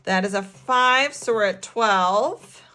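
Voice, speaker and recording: An excitable woman hosting a casual budgeting vlog, counting cash aloud and narrating her savings. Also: medium pitch, slow. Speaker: budgeting channel host.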